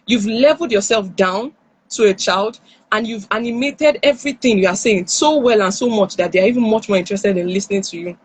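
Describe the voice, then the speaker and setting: A woman's voice: medium pitch, a little fast, husky, poor audio. A woman with a Nigerian accent giving parenting advice on a live stream, acting out what parents and children say. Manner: animated, acts out parent and child lines. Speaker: parenting speaker. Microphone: phone or headset on a live stream.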